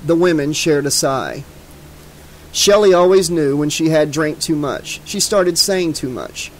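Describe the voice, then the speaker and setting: A man reading a horror novel aloud in a measured, dramatic way. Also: a little high, low-quality recording. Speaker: audiobook narrator. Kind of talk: scripted narration.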